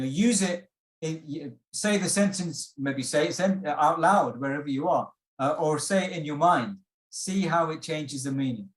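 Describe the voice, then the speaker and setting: A man's voice: on the high side, echoey room. A man leading an online exam-prep workshop, patiently explaining and asking the class questions, with many fillers and restarts. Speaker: IELTS workshop instructor. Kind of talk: online lesson.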